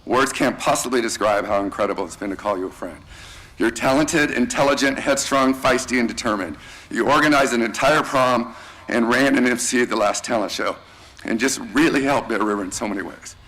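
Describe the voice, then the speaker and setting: A man's voice: medium pitch, a little fast, poor audio. A male teacher giving a casual, slangy farewell speech at a graduation ceremony, thanking students one by one. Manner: warm, casual and slangy, addressing students by name.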